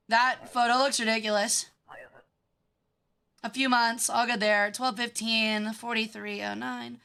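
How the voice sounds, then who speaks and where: A woman streaming a game with casual commentary. She sounds bratty, swears freely and reacts fast. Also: a little high, fairly even intonation, sharp tone, clean tone.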